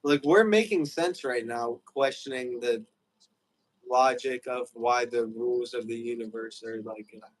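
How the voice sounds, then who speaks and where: A man's voice: mid-range voice, unhurried, poor audio. A young man hosting a livestream, rambling loosely in casual chat with lots of fillers. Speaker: livestream host.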